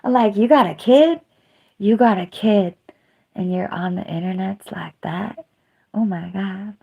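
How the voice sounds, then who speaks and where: A woman's voice: medium pitch, steady tone, measured pace, gravelly, husky, lo-fi sound. A woman hosting a livestream, chatting casually and emotionally, rambling and trailing off. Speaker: livestream host.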